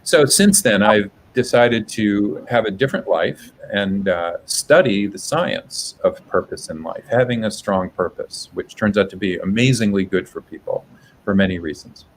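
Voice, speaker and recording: Low-voiced man telling a personal story. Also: a little hiss or hum, poor audio. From United States. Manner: reflective, halting, with soft restarts. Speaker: guest, public health professor.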